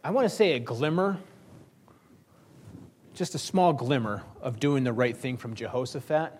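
A man's voice: medium pitch, normal speed, a little mellow. A man preaching a sermon, retelling a scripture story with wry sarcasm and acting out the characters' lines.

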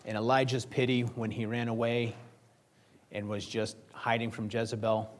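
A man's voice: mid-range voice, flat delivery, moderate pace. A male pastor preaching a sermon in a conversational, joking storytelling manner.

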